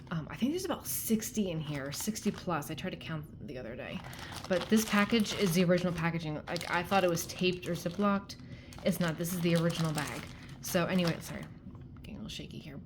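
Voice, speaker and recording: A woman's voice: on the low side, background noise. Chatty woman rambling through a thrift haul. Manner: chatty, rambling, frequent ums and likes. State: out of breath. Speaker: vlogger showing a thrift haul. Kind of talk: casual chat to camera. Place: at home. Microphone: phone held in hand.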